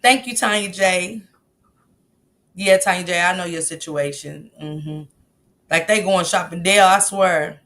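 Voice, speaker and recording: Bright-voiced woman chatting on a livestream. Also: lowish voice, unhurried. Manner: emphatic, reacts aloud to viewer comments; laughs often, blunt and profane. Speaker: livestream host reading viewer chat. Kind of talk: casual livestream chat.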